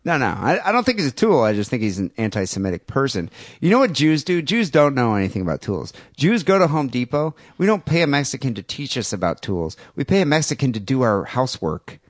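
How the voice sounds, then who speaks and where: A man's voice: medium pitch, big pitch swings, fairly quick, few pauses, no echo, studio quality. A man hosting a comedy podcast, joking and bantering casually. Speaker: podcast host.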